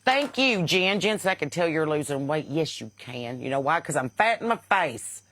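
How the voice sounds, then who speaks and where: A woman's voice: low-pitched, sing-song, normal speed, a bit bright. A woman podcast host with a Southern accent, blunt and sarcastic in casual comedic talk, laughing at her own jokes and a bit stuffy from sinus trouble.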